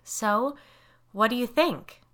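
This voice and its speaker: A woman's voice: a little high, lively intonation, brisk, pushed and bright, voice pushed up. Woman reading an anxious, forcedly cheerful mom. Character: anxious mother forcing cheerful lightness.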